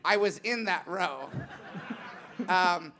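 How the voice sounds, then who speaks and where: A man's voice: high-pitched, takes it slowly, sharp tone. A man hosting a live comedy talk show, telling rambling comic stories. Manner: rambling, comic storytelling with laughs. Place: live theater stage.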